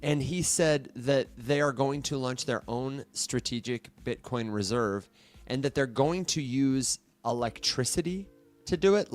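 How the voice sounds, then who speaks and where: A man co-hosting a morning show, musing aloud and asking rhetorical questions in casual chat. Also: mid-range voice.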